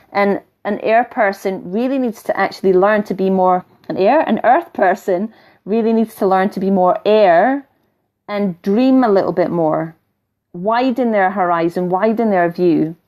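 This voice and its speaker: A woman's voice: medium pitch, darkish tone. A woman with a mixed English and Scottish accent, teaching in a casual, blunt way and often checking in with her listeners. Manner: blunt and chatty, keeps asking "right?", swears lightly. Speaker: spiritual teacher.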